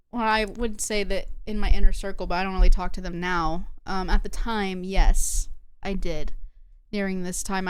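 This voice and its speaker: A woman's voice: medium pitch, clean tone, no room sound. A young woman streamer talking casually to her chat, rambling with lots of fillers and restarts. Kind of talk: casual livestream talk to chat.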